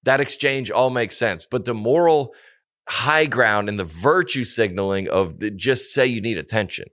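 A man's voice: medium pitch, normal speed, a bit bright, no room sound, studio quality. A man co-hosting a podcast, ranting animatedly in casual chat and mocking people with put-on quotes. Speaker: podcast co-host.

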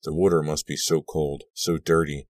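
A man narrating a horror audiobook in a measured, tense reading. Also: a bass voice, flat delivery, darkish tone, no room sound.

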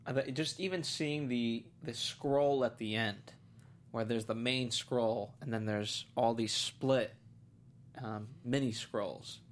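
A man's voice: medium pitch, steady tone, takes it slowly. A man co-hosting a casual movie review chat, talking hesitantly with many fillers. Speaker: podcast co-host.

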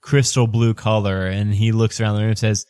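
A man's voice: on the low side, little pitch movement, brisk, darkish tone, clean tone, dry recording. Dry, close game master man. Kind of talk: narrating a tabletop game.

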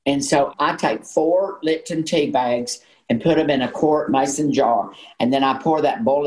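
A woman's voice: very deep voice, moderate pace, few pauses, a little mellow, low-quality recording. A woman in her sixties with a Southern American accent, a guest telling folksy stories in casual chat. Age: 60s. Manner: folksy storyteller, says honey. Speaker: guest, actress and singer.

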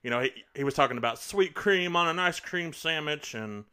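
A man's voice: fairly high pitch, animated, brisk, bright, forceful tone, clear, resonant tone. A man co-hosting a casual podcast, rambling through wrestling recaps with lots of fillers and acted-out quotes. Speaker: podcast co-host. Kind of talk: casual chat.

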